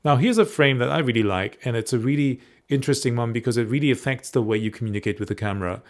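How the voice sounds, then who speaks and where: Presenting coach, male, mid-pitched, direct, keeps checking the viewer follows. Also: quick pace. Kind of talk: instructional talk to camera.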